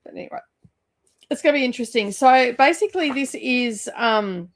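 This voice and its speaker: A woman's voice: fairly high pitch, expressive, normal speed. A woman chatting casually about books as a vlogger, rambling with lots of fillers. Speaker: book vlogger. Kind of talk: casual chat.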